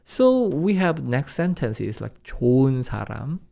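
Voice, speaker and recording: A young Korean man teaching his native language in English with a Korean accent, drilling phrases at fast speed and insisting on serious practice. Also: mid-range voice, very animated, creaky, mellow. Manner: drills phrases in rapid repetitions, earnest and insistent. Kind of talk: online language lesson.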